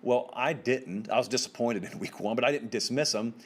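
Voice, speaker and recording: A male sports host of medium pitch delivers solo college football commentary. He speaks directly to his viewers, informal and emphatic, and his voice jumps up to stress key points. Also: a little fast, slightly rough.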